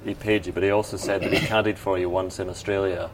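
A man's voice: sits low, little pitch movement, fast talker, noisy background. A man hosting an interview who asks questions in a chatty, joking way. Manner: chatty, jokey, laughs along. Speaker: podcast host. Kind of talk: conversational interview.

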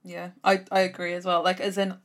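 Woman cohost, laid back, giggly, lots of um and like, lowish voice. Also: monotone, a little fast, a bit bright. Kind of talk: casual chat.

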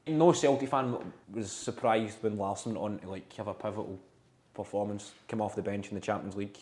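A Scottish man, a comedian guest, telling football stories in casual animated chat. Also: on the low side, a little fast. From Scotland. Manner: anecdotal, animated storytelling with laughs.

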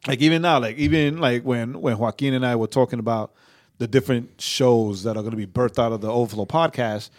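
A man's voice: mid-range voice, a little fast. A young man co-hosting a casual faith podcast, rambling, stammering into restarts and tagging his sentences with "right?". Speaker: podcast co-host.

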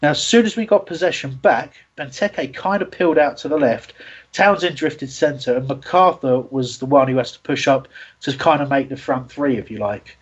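A male host talks football in a rambling, self-deprecating way, full of ums and restarts. His voice is husky and mid-pitched, and the recording sounds dull and lo-fi. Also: moderate pace. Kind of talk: casual football talk show.

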